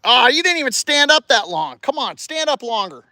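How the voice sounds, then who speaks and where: A man casually livestreaming from a residential street, cheering a child on and rambling with halting restarts into his phone. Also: very high-pitched, big pitch swings, sharp tone, no room sound, studio quality. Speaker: vlogger livestreaming. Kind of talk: casual live-stream chat.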